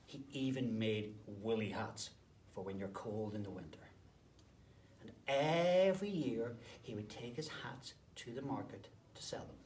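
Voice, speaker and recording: A man, a teacher, telling a story to children, swinging between whispered asides and sudden loud bursts. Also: medium pitch, unhurried. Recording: roomy, distant mic, faint background noise.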